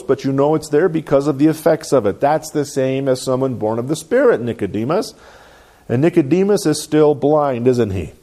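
A man's voice: a little high, mellow. A man preaching a sermon as pastor, emphatic and conversational, often checking in with his listeners. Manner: emphatic preaching with frequent "right?" and "amen?"; acts out polite excuses in a lighter voice.

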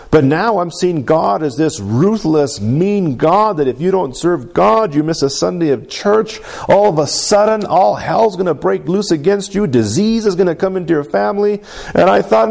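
A man's voice: on the high side, creaky, a little mellow. A man preaching a sermon in an earnest storytelling way, calling out to the congregation. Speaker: pastor.

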